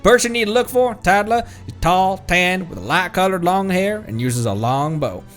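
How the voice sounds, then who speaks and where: A man's voice: high-pitched, expressive, normal speed, a bit bright, faint music behind, pitched above the performer's own voice. A man voicing a frail falcon keeper with weak legs, earnest and worried as he asks for help.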